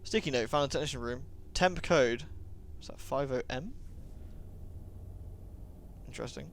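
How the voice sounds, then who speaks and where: A man's voice: mid-range voice, moderate pace. A man giving jokey, sarcastic commentary while playing a horror game. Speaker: gaming commentator. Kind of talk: let's play commentary.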